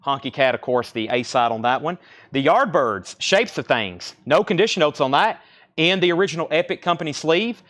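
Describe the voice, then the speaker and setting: A man hosting a live-streamed record sale, listing records and prices in rapid, brisk sales patter. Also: on the high side, fairly bright tone. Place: record store.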